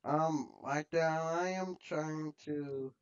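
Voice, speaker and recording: Man, gameplay commentary, fairly high voice, drawn-out slow talk, cursing at mobs. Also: steady tone, clean tone, highs cut off. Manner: frustrated, swearing at enemies. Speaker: gamer. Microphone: laptop mic.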